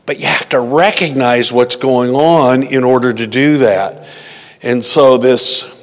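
A man preaching a sermon as pastor, praying and teaching in a slow, deliberate way. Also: medium pitch, steady tone, long reverb tail.

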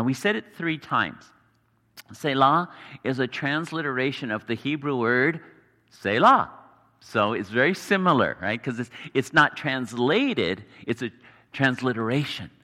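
A man preaching a sermon, earnest and explanatory, pausing for emphasis. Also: mid-range voice, bright, forceful tone. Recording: long hall reverb.

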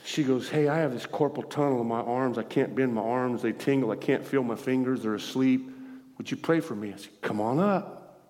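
A man's voice: mid-range voice, normal speed, darkish tone, big-room sound. A man preaching a sermon as pastor, telling a story animatedly, acting out the dialogue and laughing often. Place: church.

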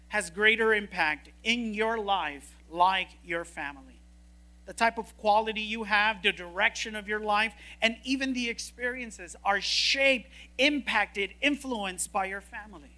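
A woman preaching a sermon in an animated, joking, emphatic way. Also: high-pitched.

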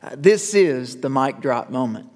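A male pastor preaching a sermon, measured with dramatic pauses, building to urgent calls. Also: mid-range voice, lively intonation, a little mellow. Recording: long reverb of a church hall.

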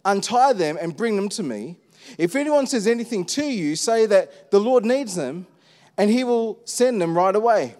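High-voiced pastor in an echoing hall. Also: male voice, animated, moderate pace, darkish tone. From Australia. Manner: conversational preaching with rhetorical questions. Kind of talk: sermon. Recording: long reverb of a church hall.

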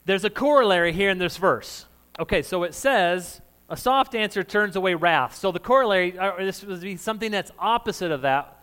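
A man preaching a sermon to his congregation in a loud, conversational way, joking with the room and laughing often. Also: high voice, animated, a little fast. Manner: says of himself that he is loud. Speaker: pastor.

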